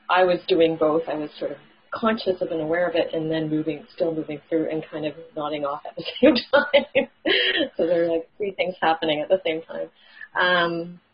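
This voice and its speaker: Low, husky woman asking hesitantly. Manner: hesitant, many ums. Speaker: participant in the group call. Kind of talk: casual question. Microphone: video call. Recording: dull video call audio.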